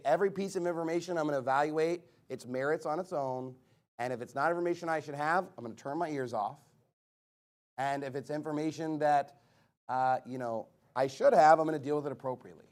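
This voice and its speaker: A man preaching a sermon, emphatic and repetitive, sometimes mimicking arguments mockingly. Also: sits high.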